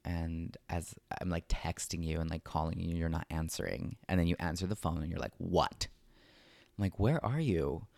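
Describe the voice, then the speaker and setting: Deep-voiced male co-host, dry sound, lively storyteller who acts out quotes and swears, slips in Spanish words. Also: brisk, vocal fry, hardly any pauses, dry recording. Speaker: podcast co-host. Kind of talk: casual storytelling chat.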